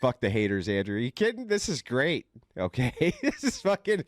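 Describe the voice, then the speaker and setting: A man's voice: mid-range voice, huge pitch swings, moderate pace, no room sound. A man hosting a livestream, reading posts aloud and mocking them in a profane, laughing way. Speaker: livestream host.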